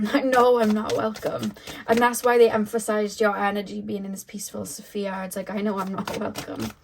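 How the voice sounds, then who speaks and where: A woman's voice: medium pitch, little pitch movement, brisk, vocal fry, slight background noise, low-quality recording. A young woman doing a casual tarot reading, chatty, with many fillers. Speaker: tarot reader.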